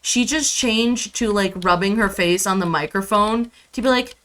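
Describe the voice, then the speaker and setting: A woman's voice: mid-range voice, moderate pace, hardly any pauses, a bit bright. A young adult woman chatting casually on a live game stream, rambling about her day and switching to baby talk with her cat. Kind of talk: casual live-stream chat while gaming.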